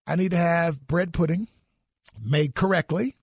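A man's voice: a little high, measured pace, husky, no echo, studio quality. A middle-aged man in an enthusiastic interview chat, exclaiming about food. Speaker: guest.

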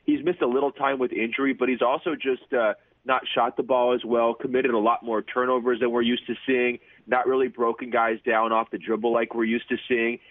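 A man's voice: medium pitch, little pitch movement, brisk, few pauses, dry recording. A man who writes about basketball, joining a radio interview and giving eager, analytical answers. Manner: enthusiastic, analytical. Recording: phone line.

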